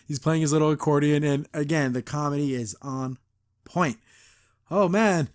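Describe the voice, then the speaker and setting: A podcast host giving a casual episode review, laughing often and acting out the characters' lines. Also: male voice, fairly high pitch, moderate pace.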